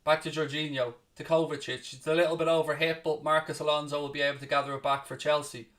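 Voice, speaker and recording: This watchalong host has a fairly high, fairly bright voice with a level tone, recorded from a distance. Calling every pass in quick play-by-play during a live football match, he's blunt and snippy with his chat and curses freely.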